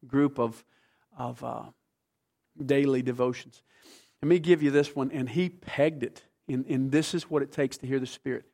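A man preaching a sermon as pastor, emphatic, swinging between hushed, slow passages and forceful ones. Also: mid-range voice, vocal fry.

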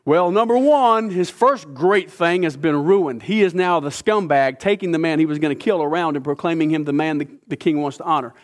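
A man preaching a sermon, retelling a scripture story with lively asides. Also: on the high side, a little fast, few pauses. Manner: animated storytelling, acting out characters. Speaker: pastor.

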